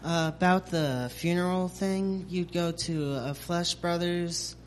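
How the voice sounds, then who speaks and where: A woman's voice: on the low side, steady tone, takes it slowly, faint music behind. A woman from the congregation asks a follow-up question tentatively, searching for her words. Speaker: parishioner asking a question.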